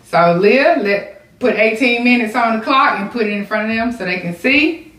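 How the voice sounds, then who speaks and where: A woman's voice: a little high, animated, normal speed, a bit bright. A woman, chatting casually to her viewers while setting up an eating challenge. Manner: chatty, addresses viewers as y'all. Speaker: mukbang vlogger. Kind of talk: casual chat to camera. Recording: echoey room.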